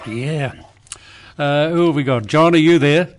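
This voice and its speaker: A man playing a veteran older Australian radio host, wry and unhurried, in a comedy radio sketch. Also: a little high, soft background music, lightly acted. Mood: dry.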